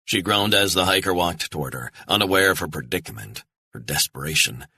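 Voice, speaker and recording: A man narrating a thriller audiobook in a tense, measured way. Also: sits low, lively intonation, sharp tone, slightly rough.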